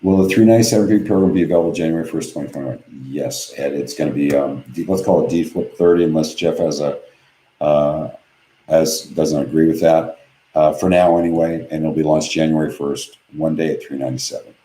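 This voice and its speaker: A man's voice: a bass voice, fairly quick, mellow, reverberant, a little hiss or hum, rough recording. A man hosting a live webinar from home, reading viewer questions aloud and answering them bluntly and offhand. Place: home office.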